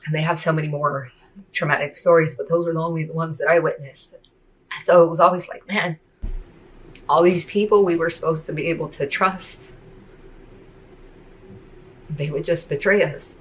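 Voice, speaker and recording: A woman telling her personal testimony in a soft, hesitant way, with many fillers. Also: sits low, steady tone, normal speed, pauses often, a little hiss or hum, rough recording.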